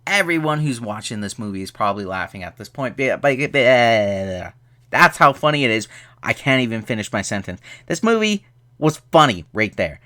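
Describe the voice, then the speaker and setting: A young man casually reviewing a movie, animated and exasperated, often jumping into high mocking voices. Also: normal speed.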